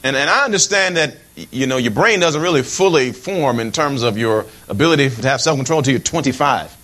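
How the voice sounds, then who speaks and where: A middle-aged man preaching a sermon in an animated, humorous way, with many asides to the congregation and frequent repeated words. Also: medium pitch, fairly quick. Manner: repeats words and restarts phrases while preaching.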